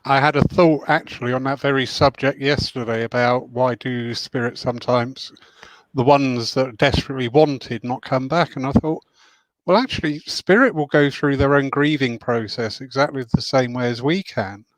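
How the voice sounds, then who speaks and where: A man hosting a discussion speaks in a measured, reflective way, pausing with the odd filler. His voice is mid-pitched and recorded dry, with no room echo. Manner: measured, thoughtful, hesitant fillers. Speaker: host. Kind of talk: hosted discussion, reading questions.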